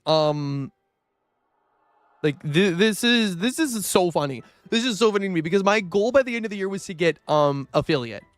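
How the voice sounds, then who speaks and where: A young man with a light, high voice chats loosely and ramblingly over his game stream, cursing freely and drifting off into filler words. The audio is dry and close-miked with no room sound, and soft music plays underneath. It's casual livestream gaming talk.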